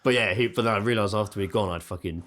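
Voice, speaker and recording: A man telling a story on a podcast in casual chat, animated and full of swearing, acting out the other people's lines. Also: on the low side, very fast, a little hiss or hum. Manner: animated, heavy swearing, acts out dialogue. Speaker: podcast co-host.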